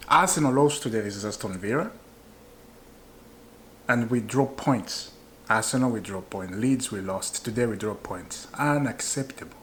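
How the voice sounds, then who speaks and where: A man's voice: on the low side, moderate pace, a bit bright, slight background noise. A man venting as a football fan in a casual vlog, annoyed, hammering points home by repeating them and asking viewers questions. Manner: rhetorical questions to viewers, chuckles often.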